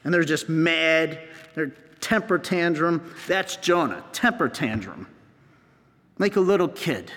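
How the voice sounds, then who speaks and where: A male priest preaching a homily, retelling a scripture story in an unhurried, drawn-out way and acting out the characters' outbursts. His voice sits a little high. It rings with the long echo of a large hall. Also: lively intonation, fairly bright tone.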